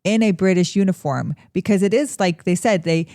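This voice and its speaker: A woman's voice: on the low side, fairly quick, warm tone, dry recording, studio quality. A woman co-hosting a history podcast, explaining events in a casual, storytelling way.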